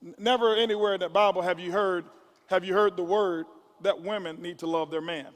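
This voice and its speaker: A man's voice: sits high, fairly even intonation, fairly quick. A man giving a motivational speech to a conference audience, stumbling through repeated words and building up like a preacher. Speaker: motivational speaker. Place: large conference hall. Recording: long hall reverb from a live event.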